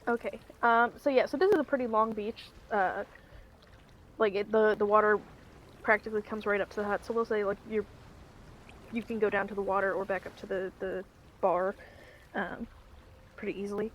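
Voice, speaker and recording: A woman's voice: medium pitch, fairly even intonation, normal speed, pauses often, highs cut off, a little hiss or hum. A woman running a tabletop game as game master. She narrates in a rambling way, with lots of ums and restarts.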